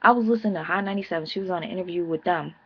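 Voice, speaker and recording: Woman, 30s, husky lowish voice, sassy profane TV recap, dull lo-fi audio. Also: rapid-fire. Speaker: TV reality show reviewer. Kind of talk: casual vlog recap.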